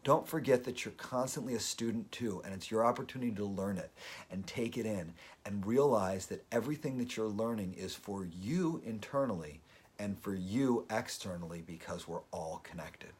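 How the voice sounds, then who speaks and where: A man's voice: lowish voice, normal speed, breathy edge. A man hosting a daily live video, talking earnestly and openly emotional as he gives motivational advice. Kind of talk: motivational live-stream talk.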